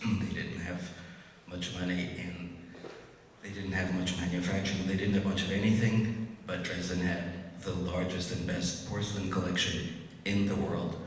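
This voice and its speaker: Deep-voiced man telling stories in an echoing hall. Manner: lively, rushed storyteller, stumbling restarts. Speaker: architect and guest speaker. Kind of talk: anecdotal storytelling on stage. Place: large event hall with a live audience. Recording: roomy hall echo, distant, faint hiss.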